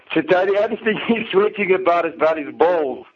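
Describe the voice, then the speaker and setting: A man's voice: a little high, lively intonation, moderate pace, breathy edge. Crude, swearing man on a lo-fi line. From South Africa. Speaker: caller on a phone link. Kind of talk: casual chat. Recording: dull lo-fi phone-call audio.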